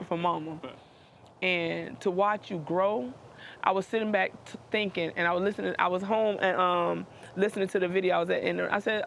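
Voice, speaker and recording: A woman's voice: lowish voice, vocal fry, a little hiss or hum. A middle-aged woman speaking earnestly and emotionally to her adult son, repeating phrases the way a preacher does. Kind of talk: heartfelt conversation.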